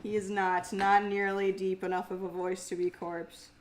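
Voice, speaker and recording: Chatting with her livestream viewers and reading out their comments, a young singer speaks in a low, mumbly, grumbly voice with a level tone and moderate pace. She laughs a lot and doesn't hold back on swearing.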